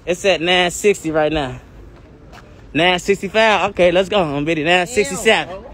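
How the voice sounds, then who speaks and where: Young guy going live on his phone outside, high bright voice, hyping up the count, lots of street slang and cussing. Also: moderate pace. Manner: hyped, profane street slang, hypes up viewer count. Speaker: livestream host. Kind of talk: casual livestream chat. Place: outdoors on a city block.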